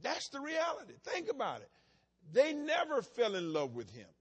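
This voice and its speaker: Emphatic folksy preacher with husky voice. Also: male voice, very high voice, wildly swooping pitch, moderate pace, fairly bright tone. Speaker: pastor. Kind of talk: sermon.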